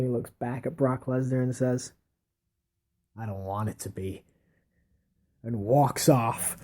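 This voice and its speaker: A man casually narrating a wrestling match play by play in an offhand way, correcting himself as he goes. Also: mid-range voice. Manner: unhurried, offhand storytelling with self-corrections. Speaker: wrestling fan recapping an imagined match.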